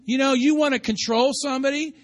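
A man preaching a sermon as pastor, talking to the congregation conversationally, asking for their responses and rising to shouts. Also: very high-pitched, steady tone, fast.

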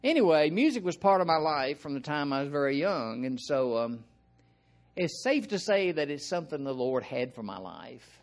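An older man with a Southern American accent, preaching an informal sermon in a folksy, rambling way with frequent asides and throat clearing. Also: a little high, sing-song, moderate pace.

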